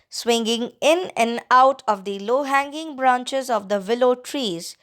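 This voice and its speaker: A woman reading a first-person story aloud as an audiobook narrator, with dramatic storytelling. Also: on the high side. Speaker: audiobook reader. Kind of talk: scripted narration.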